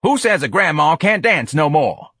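A man voicing a rowdy, brash grandmother in an audiobook, with a raspy, hollering voice and coarse slang. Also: on the high side, big pitch swings, normal speed, pushed and bright, dry recording, clean studio sound, voice pushed up, full character voice. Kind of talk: audiobook character voice.

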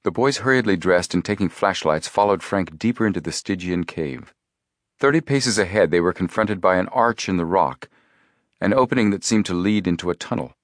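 A man narrating an adventure story as an audiobook reader, in a measured, steady way. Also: low-pitched, dry recording, studio quality. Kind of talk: scripted narration.

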